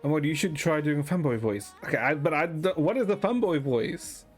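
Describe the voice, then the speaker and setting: A man streaming and chatting casually with a deadpan manner, swearing often. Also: a little high, a little fast, soft background music.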